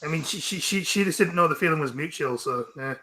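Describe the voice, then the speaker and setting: A man's voice: fairly high pitch, quick pace, noisy background. A man co-hosting a casual live-stream chat over a voice call, teasing and stammering over his words. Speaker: co-host.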